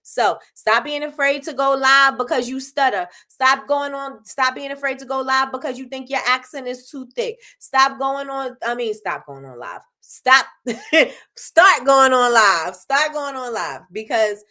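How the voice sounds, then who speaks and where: Live-stream host: energetic woman, slightly high voice, preachy and repetitive, laughs between points. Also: normal speed, hardly any pauses. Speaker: live show host, soap business owner. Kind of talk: casual motivational live stream.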